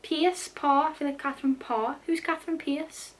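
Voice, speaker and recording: With a high-pitched, steady voice and a moderate pace, a young woman who vlogs about books talks casually through her unread pile. She peppers the chat with dramatic asides and a bit of casual cursing.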